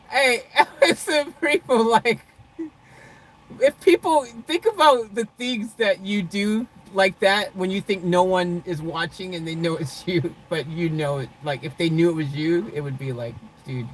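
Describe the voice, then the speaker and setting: A woman talks casually to her live chat from inside a parked car, laughing easily between loose, rambling thoughts. Her voice sits at an ordinary middle pitch. A faint vehicle hum sits underneath. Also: low-quality recording. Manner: laughs often, talks to chatters by name; loose, rambling, says "freaking" a lot. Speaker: vlogger reading live chat.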